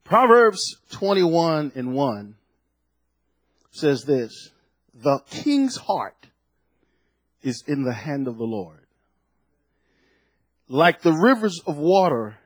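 A male pastor preaching a sermon, swinging between loud bursts and hushed lines. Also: fairly high pitch, very animated, slow, long pauses, slightly rough, no room sound.

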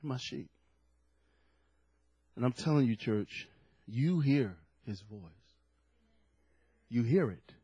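A man preaching a sermon to his church, swinging from hushed, slow phrases to loud, fervent passages. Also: mid-range voice, animated, slightly rough, no echo, muffled recording. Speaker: pastor.

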